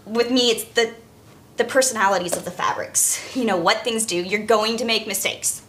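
A woman co-hosting a livestream who speaks as a costume maker, brisk and practical and quick to laugh. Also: a little high, a bit bright, slight background noise. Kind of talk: casual workshop chat.

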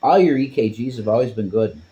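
A man's voice: medium pitch, fairly quick, a crowd in the background. A man co-hosting a casual vlog chat, laid-back and swearing casually.

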